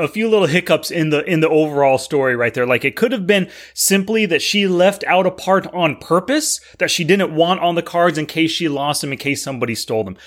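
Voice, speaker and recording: A man's voice: on the high side, a bit bright. A man co-hosting a casual movie discussion in an easygoing, agreeable, joking way. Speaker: podcast co-host.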